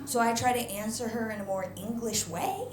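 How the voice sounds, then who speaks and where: An American woman performing a stand-up comedy set, telling a story with lively swings into high, indignant outbursts. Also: normal speed, noisy background. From United States. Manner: animated storytelling, voice jumps high when indignant. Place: theatre stage before a live audience. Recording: roomy live venue with crowd laughter.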